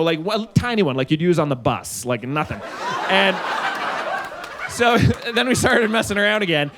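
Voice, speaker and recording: A man in his forties doing a live stand-up set on a stage, rambling loosely and jumping into shrill acted quotes. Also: noisy background. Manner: loose, rambling delivery with sudden high-pitched acted quotes. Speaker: stand-up comedian. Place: stage at a live comedy show.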